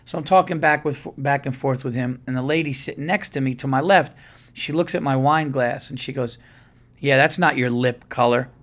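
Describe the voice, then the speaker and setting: A man's voice: medium pitch, fairly quick. A man hosting a podcast, telling a rambling, profane story in a casual monologue and quoting people as he goes. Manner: profane, rambling, animated retelling with quoted voices. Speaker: podcast host.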